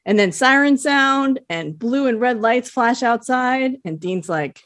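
A podcast co-host recaps a TV episode in chatty, enthusiastic casual talk, laughing easily. Her slightly high voice is animated but a little slow and a bit bright, with no echo.

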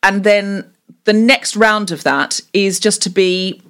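A woman comedian as a podcast guest, explaining improv teaching in chatty, animated talk and slipping into quick acted voices. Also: medium pitch. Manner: animated, slips into quick voiced mini-scenes while explaining; chatty with frequent fillers and restarts. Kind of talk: conversational interview.

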